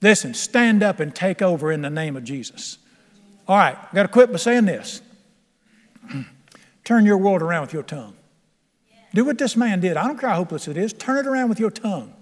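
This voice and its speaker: With lively intonation, normal speed and frequent pauses, an older pastor delivers a sermon in a high, bright voice. He's folksy and emphatic, laughing at his own stories, while the church's long reverb fills the sound.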